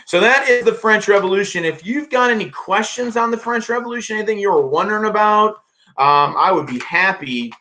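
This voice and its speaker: A man's voice: mid-range voice, pushed and bright. A man teaching a casual history review lesson to students, talking loosely with many fillers and restarts. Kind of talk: casual classroom review lecture.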